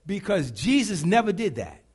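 Man, pastor, lively sermon, high voice, call-and-response, sudden shouts. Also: normal speed, husky. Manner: animated call-and-response preaching, bursts into shouts.

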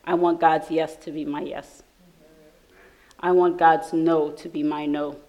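A woman from New York telling a lively personal testimony in church, laughing often as she speaks. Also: low voice, a little slow, highs cut off. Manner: animated storytelling, laughing often. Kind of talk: sermon testimony.

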